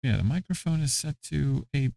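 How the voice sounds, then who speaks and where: A man's voice: mid-range voice, expressive, normal speed, vocal fry, dark tone, no room sound, clean studio sound. A middle-aged man hosting a casual livestream, talking to himself offhandedly while he tweaks his audio settings. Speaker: livestream host.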